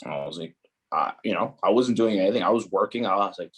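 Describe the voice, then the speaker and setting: Young guy on a podcast, kinda low voice, rambling animated stories, says like a lot. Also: fast talker, slightly rough. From New Jersey, USA. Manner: animated, heavy use of "like" and "you know". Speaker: podcast guest, footballer. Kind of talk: casual storytelling chat.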